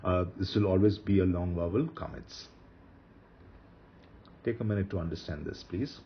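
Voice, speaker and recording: A man teaching grammar rules in a slide-based lecture, speaking slowly and repeating the key rules for emphasis. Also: low voice, highs cut off, slight background noise.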